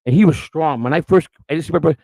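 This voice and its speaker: Middle-aged man, podcast host, rapid-fire delivery, dry close sound, blunt and emotional. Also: on the high side, gravelly, warm tone, no room sound, low-quality recording. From Chicago. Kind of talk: personal life storytelling.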